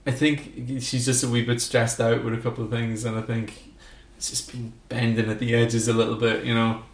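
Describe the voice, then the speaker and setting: A man's voice: mid-range voice, little pitch movement, normal speed. A man, chatting easily and telling stories in a casual podcast. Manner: easygoing, storytelling, mild swearing. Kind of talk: casual chat. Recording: roomy echo.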